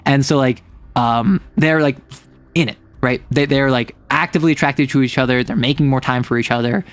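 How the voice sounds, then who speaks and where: A man streaming a casual chat, retelling a story in an animated, rambling way full of fillers. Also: mid-range voice, fairly quick, smooth, no echo.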